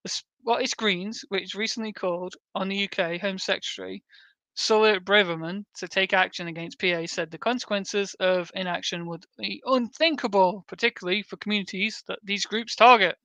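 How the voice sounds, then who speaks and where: Male streamer, crisp bright voice, dry mic, reads text with sarcastic sweary interjections. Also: high-pitched, fairly even intonation, moderate pace, dry recording. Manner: sarcastic, sweary asides while reading. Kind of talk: reading an article aloud with commentary.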